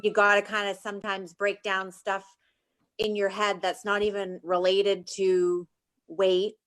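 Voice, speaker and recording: A woman's voice: medium pitch, completely flat delivery, a little slow, a bit bright. A woman in a coaching group offering her thoughts tentatively. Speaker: group member. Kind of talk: casual chat.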